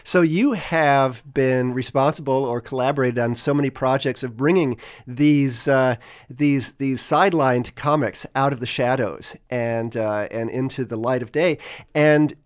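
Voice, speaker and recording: A man's voice: medium pitch, a little slow. A man with a mid-range voice hosts an interview. He sounds eager and admiring as he introduces topics. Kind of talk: casual interview talk.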